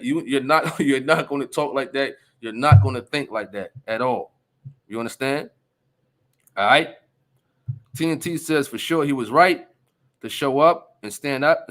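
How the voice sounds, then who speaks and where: A man's voice: medium pitch, fairly bright tone. A man hosting a casual commentary stream, reading viewer comments aloud and reacting emphatically, often checking in with his listeners. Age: adult. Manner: emphatic, repeats "you understand?", reads chat aloud.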